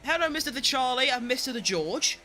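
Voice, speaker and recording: A young man giving excitable live commentary on his own racing game, talking to himself and chanting while he drives. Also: very high voice, brisk. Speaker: gaming streamer.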